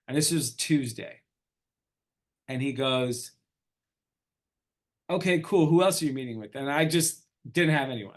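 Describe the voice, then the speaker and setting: A middle-aged man, an entrepreneur guest in an interview, telling a story casually and acting out the dialogue. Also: mid-range voice. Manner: animated storyteller, acts out quoted dialogue.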